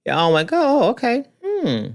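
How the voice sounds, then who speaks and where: A man hosts a loose commentary show at normal speed, scrolling through news clips and reacting to them. His pitch swings widely, he repeats phrases for emphasis, and he speaks animatedly and off the cuff straight to his viewers.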